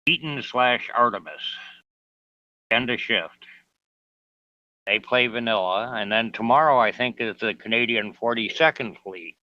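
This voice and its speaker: A man's voice: medium pitch, measured pace, pauses often. A man chatting casually in an online game session, making dry jokes. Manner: dry, joking remarks. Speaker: player in an online bridge-crew game. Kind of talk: casual voice chat. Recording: dull lo-fi voice chat.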